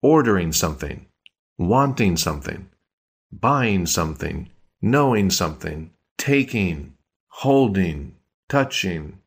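A man co-hosting a scripted podcast language lesson, calmly explaining grammar rules with examples. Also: deep voice, takes it slowly, breathy edge.

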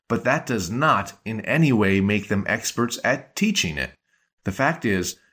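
A man teaching a language lesson in a measured, explanatory way. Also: on the low side, a bit bright, breathy edge. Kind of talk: scripted lesson narration.

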